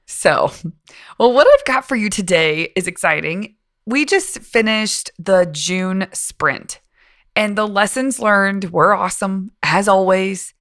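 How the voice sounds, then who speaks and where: A woman hosting a casual solo podcast with a slightly rough morning voice, talking in an upbeat, encouraging coaching tone. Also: medium pitch, animated, takes it slowly, a bit bright. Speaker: podcast host. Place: home, early morning.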